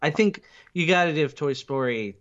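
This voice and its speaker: A man chatting on a podcast, his voice swinging widely in pitch as he banters with skeptical asides. The recording sounds muffled and lo-fi. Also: expressive, normal speed, a bit bright. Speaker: podcast co-host. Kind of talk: casual chat.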